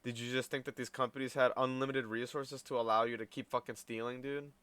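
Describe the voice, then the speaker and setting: A man's voice: mid-range voice, little pitch movement, brisk, a bit bright, smooth, no echo. A man streaming a reaction video, talking bluntly and swearing a lot, calling people dude and bro. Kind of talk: profane reaction commentary.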